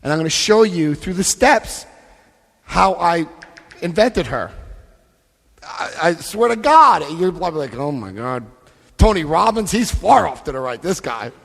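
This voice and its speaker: A middle-aged American man speaking at a recovery convention, telling joking, lively stories and acting out voices. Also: fairly high pitch. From United States. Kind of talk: animated storytelling talk. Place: large convention hall. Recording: long hall reverb.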